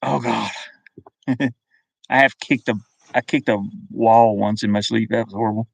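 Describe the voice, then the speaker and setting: A man's voice: on the low side, fairly even intonation, a little slow, creaky, no room sound. A man from the American South with a faint Southern drawl, chatting casually on a live stream from his van, reading viewer comments and chuckling often. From US South (Kentucky and Virginia). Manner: easygoing, chuckles often, thinks aloud.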